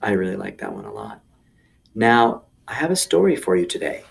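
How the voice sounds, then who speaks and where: A man's voice: lowish voice, wildly swooping pitch, brisk, vocal fry. A man hosting a children's video lesson, speaking playfully and enthusiastically straight to the kids. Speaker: children's teacher.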